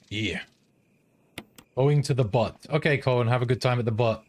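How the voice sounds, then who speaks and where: A man's voice: mid-range voice, moderate pace, pauses often, slight background noise. A British man streaming a game, chatting casually with viewers, swearing freely and humming to himself. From Britain. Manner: chatty, profane, hums to himself. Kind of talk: casual gameplay stream chat.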